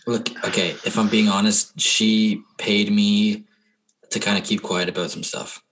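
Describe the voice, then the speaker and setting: A man playing a jittery young tavern keeper in a tabletop game, slightly low voice, hesitant, evasive, full of fillers. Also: little pitch movement, unhurried, fairly bright tone, a little hiss or hum. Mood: nervous.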